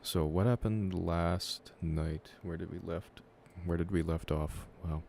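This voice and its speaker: A man's voice: deep voice, fairly even intonation, a little slow, creaky, dark tone, slight background noise. A young man casually chatting to his stream audience as he plays through a story game and reads its dialogue aloud.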